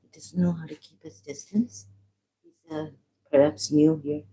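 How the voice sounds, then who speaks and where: A tired woman from Pakistan talking alone on a livestream at home, halting and apologetic, often trailing off and restarting. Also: deep voice, steady tone, noisy background. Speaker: livestream host. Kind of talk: rambling livestream monologue. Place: at home, making tea.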